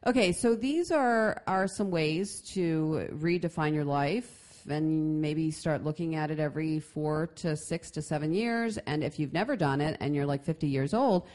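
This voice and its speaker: A middle-aged woman co-hosting a casual advice chat, talking in an animated way full of restarts and fillers. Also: low voice, a little slow, few pauses. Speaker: podcast co-host.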